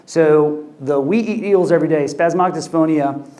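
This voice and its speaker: A middle-aged man lecturing as a doctor, with a slightly higher pitch than most men. He talks loosely and conversationally, full of ums and false starts. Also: moderate pace, dark tone. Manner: conversational, many fillers and restarts. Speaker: ENT physician lecturer. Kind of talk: medical lecture.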